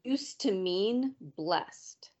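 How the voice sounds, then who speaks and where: A woman's voice: medium pitch, animated, drawn-out words, darkish tone. A woman in a casual Bible study discussion, explaining things to the group in a talkative way. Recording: dull lo-fi recording.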